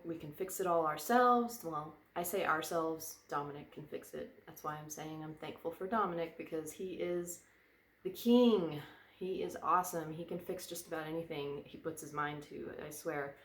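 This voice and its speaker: Woman, low voice, rambling casual chat, echoey room. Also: normal speed. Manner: rambling, goes off on tangents. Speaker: vlogger. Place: indoor room by a fireplace.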